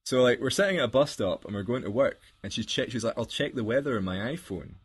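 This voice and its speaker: A man's voice: mid-range voice, expressive, fast, husky. A man co-hosting a podcast, telling rambling stories with laughs in casual chat. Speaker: podcast co-host.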